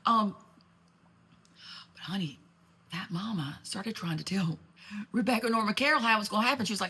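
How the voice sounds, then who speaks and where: A woman's voice: mid-range voice, normal speed, pauses often, sharp tone, husky. A woman telling a rambling, gossipy comedic story, full of asides and genteel sass. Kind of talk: comedic monologue in character.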